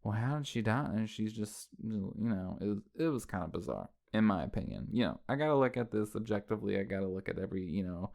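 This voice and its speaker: Fast and animated with few pauses, this film commentary host has a creaky, fairly low, slightly mellow voice. He walks through a horror movie scene by scene in a rambling, casual way, sprinkling in "like" and "right?" to engage listeners.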